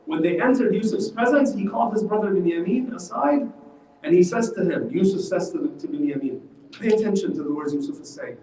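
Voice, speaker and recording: A man teaching a religious lesson in a mosque hall, animated and quizzing his class, heard from far off. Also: sits high, fairly quick, slight background noise. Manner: animated, asks the class questions.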